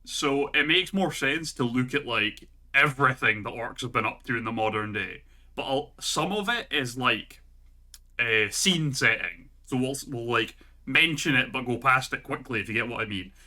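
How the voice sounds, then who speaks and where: A man's voice: medium pitch, expressive, normal speed, sharp tone. A Scottish man co-hosting a podcast in casual chat, talking loosely with lots of fillers and frequent laughter. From Scotland. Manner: chatty, laughs often, heavy use of "like". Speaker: podcast co-host.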